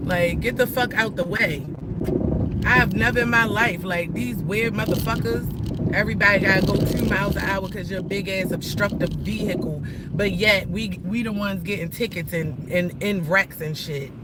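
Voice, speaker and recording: A woman's voice: mid-range voice, moderate pace. A woman ranting profanely and suspiciously from her car during a live-streamed drive through city traffic. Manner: profane, rambling, suspicious and agitated. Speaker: livestreamer driving a child to school. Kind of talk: live-streamed driving rant. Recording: loud road and engine noise from a car. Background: loud traffic and engine noise.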